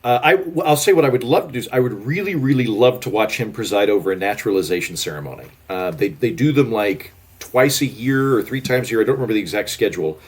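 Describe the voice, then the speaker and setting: A man's voice: fairly low pitch, fast, few pauses, husky. A man, a guest author talking in a casual podcast conversation, rambling with lots of "like" and restarts. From Oklahoma, United States. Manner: chatty, rambling, filler-heavy with "like" and restarts.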